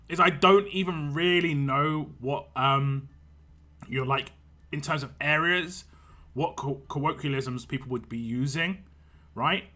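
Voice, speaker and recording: A man's voice: fairly high pitch, pushed and bright. A man, a game streamer, chatting casually and rambling on a live stream, laughing often.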